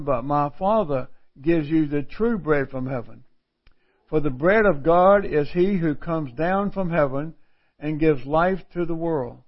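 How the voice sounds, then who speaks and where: A middle-aged man preaching a sermon, reading scripture aloud and explaining it in a folksy way, repeating phrases for emphasis. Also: fairly high pitch. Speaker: pastor. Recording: dull lo-fi recording.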